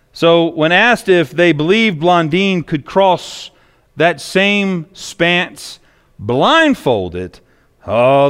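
A man's voice: a little high, a bit bright. A male pastor preaching a sermon in a church, telling stories with emphatic repetition. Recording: long echoey reverb.

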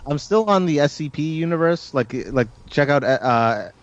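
A man's voice: on the high side, expressive, normal speed. A man co-hosting a casual podcast chat, rambling and teasing, with some swearing. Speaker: podcast co-host. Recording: dull lo-fi sound.

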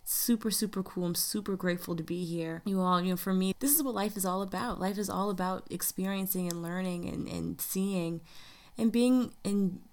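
A woman's voice: mid-range voice, normal speed, darkish tone. A woman from the United States hosting a podcast, talking in a chatty, upbeat way and calling her listeners "y'all". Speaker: podcast host. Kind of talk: casual podcast monologue.

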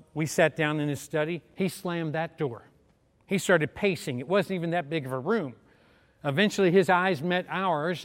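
Middle-aged male preacher, animated storyteller, fairly high voice, long reverb. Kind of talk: sermon storytelling.

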